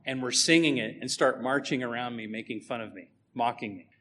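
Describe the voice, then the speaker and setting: A man's voice: medium pitch, brisk, pushed and bright, a little hiss or hum. A man preaching a sermon, emphatic and conversational, putting rhetorical questions to his congregation.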